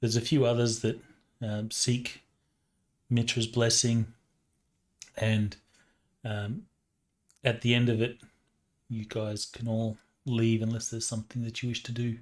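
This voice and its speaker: A man's voice: medium pitch, little pitch movement. A man narrating a tabletop game as game master, hesitant and full of fillers. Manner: slow, hesitant, many fillers.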